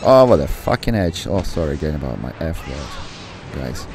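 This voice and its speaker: A man giving live gaming commentary, excitable and rambling, who swears and then apologizes. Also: very deep voice, moderate pace, slight background noise. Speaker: gameplay commentator.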